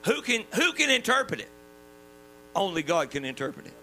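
Southern guy preaching in church, sharp bright tone, faint mains hum. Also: sits high, sing-song, a little fast, rough recording. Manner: folksy, emphatic preaching with sudden drops to quiet. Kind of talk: sermon.

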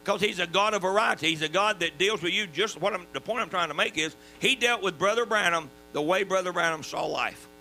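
Southern guy preaching in church, sharp bright tone, faint mains hum. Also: high voice, a little fast, few pauses, low-quality recording. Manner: folksy, emphatic preaching with sudden drops to quiet. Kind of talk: sermon.

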